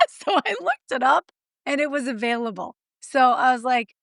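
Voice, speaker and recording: A middle-aged woman coach telling stories in an interview, blunt and lively, acting out her clients' lines. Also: on the high side, a little slow, vocal fry, no room sound, studio quality. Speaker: guest, marriage coach. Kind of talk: animated storytelling interview.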